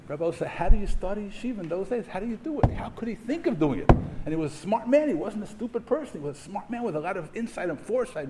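A middle-aged man preaches with emphasis, stacking rhetorical questions and weaving in Hebrew terms. His voice sits a little high for a man. A faint hiss runs under the recording. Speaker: rabbi giving a memorial talk. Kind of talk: sermon to a yeshiva audience.

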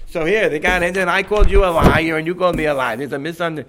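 A man's voice: on the high side, rapid-fire, fairly bright tone, a little hiss or hum. A man leading a discussion, who talks emphatically, repeats himself and insists on his point. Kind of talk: animated discussion.

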